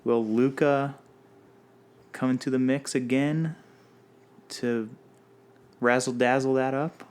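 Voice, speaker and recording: A man co-hosting a podcast in a casual, playful chat. He talks at a middling pitch and keeps slipping in puns and silly jokes while he runs a little quiz game. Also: fairly even intonation, slow pace, darkish tone, clean tone. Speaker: podcast co-host.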